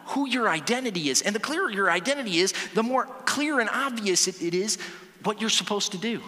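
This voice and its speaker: High, sharp-toned preacher man in echoing hall. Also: lively intonation, a little fast. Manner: conversational, repeats and restarts words, asks the audience questions. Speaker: pastor. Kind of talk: sermon. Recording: long hall reverb.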